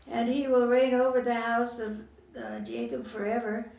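Lady reading bible verses out loud, slow and careful, kinda dark mellow tone, echoey and far from the mic. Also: on the high side, lively intonation. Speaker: Bible study participant. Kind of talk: reading scripture aloud. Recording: echoey room, distant mic.

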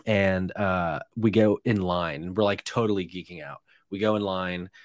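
A man's voice: deep voice, steady tone, a little slow, no room sound, studio quality. A young man co-hosting a podcast, telling a rambling, sweary anecdote full of fillers and restarts. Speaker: podcast co-host. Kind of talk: casual storytelling chat.

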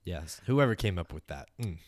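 A man narrating as game master of a tabletop game in a relaxed, rambling way, full of fillers. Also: low voice, normal speed, no echo, clean studio sound.

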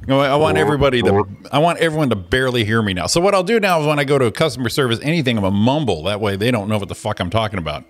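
A man's voice: mid-range voice, lively intonation, very fast, hardly any pauses. A man co-hosting a morning talk show, ranting and joking in profane, self-mocking banter. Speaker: radio show host. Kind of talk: casual comedic banter.

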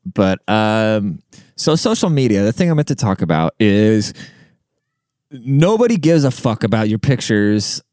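A man's voice: lowish voice, sing-song, a little slow, a little mellow, no room sound, studio quality. A young man who grew up in Germany, casually telling a rambling, profane childhood story and laughing often. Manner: rambling, profane, laughs through his stories.

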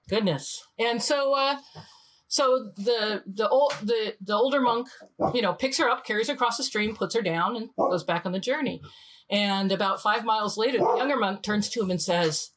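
Podcast guest, woman in her fifties, animated storyteller who acts out voices. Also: mid-range voice, normal speed, a little hiss or hum. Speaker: guest, design leader.

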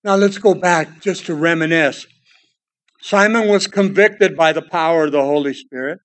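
A man preaching a sermon, swinging between loud exclamations and hushed, quiet passages. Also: fairly high pitch, normal speed. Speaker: pastor.

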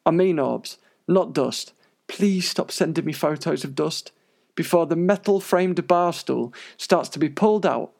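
A man's voice: a little high, darkish tone. A man presenting paranormal news in scripted narration, with wry, sarcastic asides.

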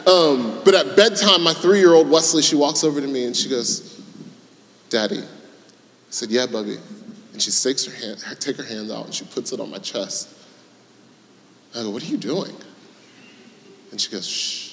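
A man's voice: mid-range voice, moderate pace, pauses often, fairly bright tone, a little hiss or hum. Pastor guy in his 30s, joking sermon, voice bouncing around a big hall w long reverb.

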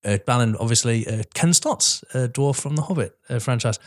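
A young British man co-hosting a casual podcast. He swears freely and laughs often. He slips into quick put-on voices when retelling film scenes. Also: medium pitch, animated. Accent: British English. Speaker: podcast co-host. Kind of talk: casual chat.

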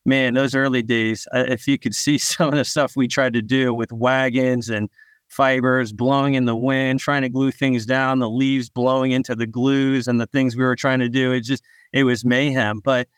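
A man, a startup founder, answering podcast interview questions in a relaxed storytelling way, often repeating a word as he restarts. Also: mid-range voice, normal speed, smooth, no echo, clean studio sound.

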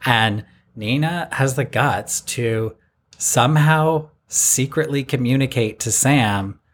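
A man's voice: mid-range voice, takes it slowly. A man co-hosting a podcast, recapping a reality show in casual chat and acting out the players' lines. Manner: lively storytelling, mimics the players.

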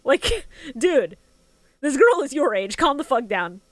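Lively laughing young woman, dry sound. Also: high voice, slow pace, no room sound. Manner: laughs often, swears freely, animated. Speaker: podcast co-host. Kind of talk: casual chat.

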